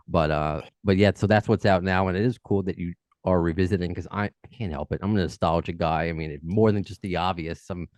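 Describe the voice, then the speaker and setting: A man's voice: deep voice, fairly even intonation, brisk, few pauses, a little mellow, dry recording. A man with a New York accent hosting a podcast, chatty and rambling in a casual interview. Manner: chatty, rambling, self-deprecating. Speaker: podcast host.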